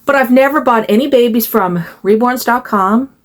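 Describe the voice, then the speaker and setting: A woman's voice: fairly high pitch, normal speed. An older woman, a doll collector, chatting casually to camera in a rambling, conversational way. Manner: rambling, talks to her doll in a cooing voice.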